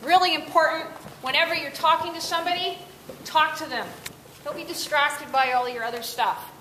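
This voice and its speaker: A woman leads teenagers through a lively workshop, tossing questions to the room. Her voice is bright and a little high. The classroom sound is echoey with a faint hiss behind her. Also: moderate pace. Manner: upbeat, asks the class questions. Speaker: workshop presenter. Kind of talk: interactive talk to teens.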